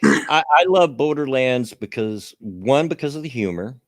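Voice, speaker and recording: A Southern US man chatting casually on his stream, rambling and chuckling as he goes. His pitch swings lively up and down around a middling register. The sound is dry and close. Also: moderate pace, dry recording. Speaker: streamer hosting a chat show. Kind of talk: casual chat.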